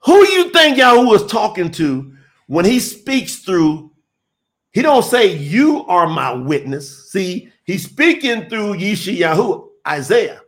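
A man delivering an emphatic sermon, his voice riding high and swinging widely in pitch. He takes his time, drawing out phrases and addressing listeners directly as he builds his case. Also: very animated, takes it slowly, fairly bright tone. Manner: emphatic, call-and-response preaching to online listeners. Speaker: preacher. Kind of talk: live-streamed sermon.

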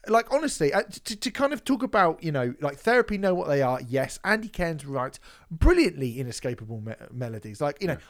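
A man hosting a podcast, talking in a lively, emphatic, sweary way. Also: fairly high pitch, fairly quick. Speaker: podcast host. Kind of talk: casual chat.

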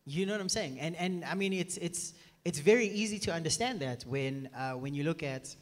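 A male preacher with a somewhat high voice delivers a sermon with insistent emphasis, often checking that his listeners follow him. His voice rings with a long hall reverb in a church meeting room. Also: animated, fairly quick. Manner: emphatic, keeps asking "are you with me".

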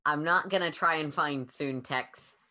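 A woman with a strikingly deep voice plays a tabletop game with friends. Her tone is bright and forward, and she states what her character does in a plain, matter-of-fact way. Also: a little slow. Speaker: player. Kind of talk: casual tabletop game talk.

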